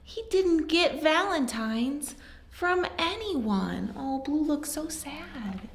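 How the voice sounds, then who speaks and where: Woman storyteller for toddlers. High, very lively, unhurried delivery with whispered asides, in an echoey room. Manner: sing-song, animated picture-book reading with soft whispered asides. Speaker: storyteller teaching baby signs. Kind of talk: read-aloud for young children.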